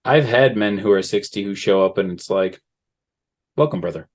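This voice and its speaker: A man as an interview guest, relaxed and storytelling, often acting out the people he quotes. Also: on the low side, a little fast. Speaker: guest, men's work facilitator. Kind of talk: conversational interview.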